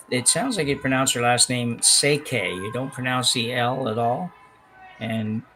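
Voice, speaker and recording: A man calling a curling game with relaxed, rambling chat, often correcting himself. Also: mid-range voice, slight background noise, low-quality recording. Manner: chatty, rambling, self-correcting. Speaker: curling commentator. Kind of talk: live sports commentary, casual chat. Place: curling club, indoors.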